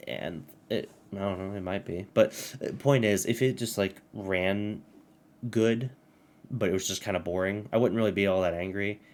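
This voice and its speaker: A man's voice: sits low, normal speed, darkish tone. A young man ranting casually to camera about games, angry and swearing, laughing as he reads aloud. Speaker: gaming commentator.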